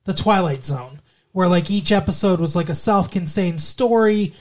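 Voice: mid-range voice, normal speed, darkish tone. A middle-aged podcast co-host chatting casually about old shows and games. The talk rambles and is thick with fillers. Now and then it slips into short, jokey voice impressions. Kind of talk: casual chat.

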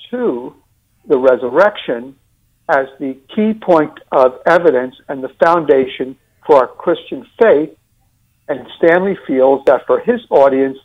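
A man with a New York accent, discussing and critiquing a sermon series in a deliberate way with many fillers and restarts. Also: medium pitch, highs cut off.

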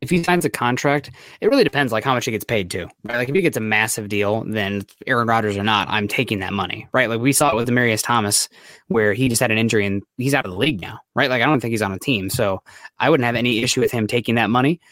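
A man co-hosting a casual sports podcast, giving quick analytical takes peppered with "right?" and "like". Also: medium pitch, a bit bright, dry recording, clean studio sound. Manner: fast, analytical, lots of "right?" and "like". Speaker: podcast co-host.

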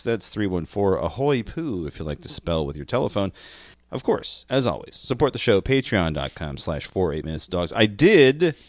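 A man's voice: fairly low pitch, no echo. A man hosting a casual comedy podcast, laid-back and dry, reading out the show's plugs. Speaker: podcast host.

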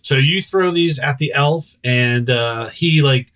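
A man's voice: mid-range voice, slow, a bit bright. A man narrates a tabletop game as game master, circling his descriptions with fillers and hesitations. His voice sits in a middle range and sounds a little distant from the microphone. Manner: rambling, full of hesitations and "sort of, like".

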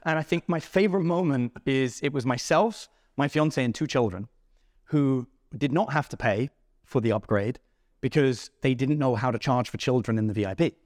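Animated storytelling man, dry close sound. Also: medium pitch, moderate pace, no room sound. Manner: animated, acts out dialogue in his stories. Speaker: podcast host. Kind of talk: storytelling interview chat.

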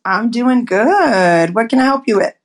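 A woman's voice: fairly high pitch, animated, measured pace. Outspoken woman in her forties. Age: 40s. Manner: outspoken, acts out her client calls. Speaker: photographer and guest. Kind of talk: casual chat on a live audio room.

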